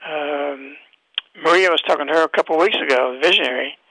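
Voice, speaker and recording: A man's voice: a little high, fast talker, pushed and bright, no echo, poor audio. A man hosting a radio talk show, delivering an emphatic, preachy monologue full of rhetorical questions.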